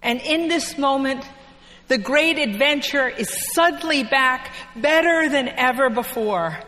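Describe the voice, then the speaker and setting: A woman preacher giving a sermon in a church, telling the story in an unhurried way with dramatic pauses. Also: sits high, lively intonation, bright, forceful tone. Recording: long echo of a church hall.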